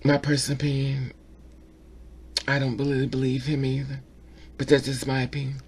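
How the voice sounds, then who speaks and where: A man's voice: mid-range voice, monotone, moderate pace, vocal fry, darkish tone, breathy edge. A man giving an emotional opinion vlog about a documentary, repeating himself and stammering when upset. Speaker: vlogger reviewing a documentary.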